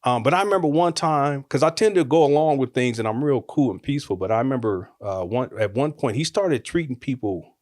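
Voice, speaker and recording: A middle-aged man casually telling a personal story, animated, laughing often and acting out what people said. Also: mid-range voice, brisk, dry recording, clean studio sound. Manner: animated, laughs often, acts out quotes with raised voice.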